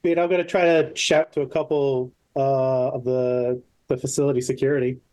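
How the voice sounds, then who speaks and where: A man's voice: medium pitch, level tone, moderate pace, darkish tone, smooth. A man playing a character in a tabletop role-playing game, chatting casually. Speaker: player.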